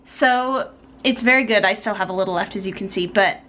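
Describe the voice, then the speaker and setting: A woman's voice: medium pitch, a little fast, sharp tone. A young woman vlogging casually to her camera, chatty and bubbly, rambling through her day. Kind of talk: casual vlog talking to camera. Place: at home indoors.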